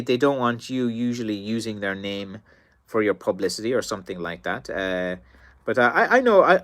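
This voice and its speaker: An Irish stick maker chats casually on a live stream, answering viewers' messages in a rambling way full of fillers and restarts. His medium-pitched, slightly bright voice sounds worn and tired, and he coughs.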